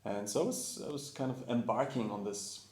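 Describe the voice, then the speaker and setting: A man's voice: mid-range voice, moderate pace, darkish tone, echoey room. A man, a yoga teacher and co-host, talking in a reflective, hesitant way with many restarts in casual conversation.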